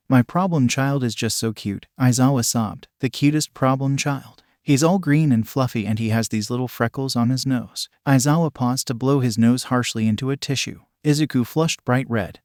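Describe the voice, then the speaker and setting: A man reads a story aloud in an even, steady voice, keeping every character close to his own mid-pitched tone. The recording is dry and close, with no room sound. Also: dry recording. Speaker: fan fiction narrator. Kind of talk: scripted narration.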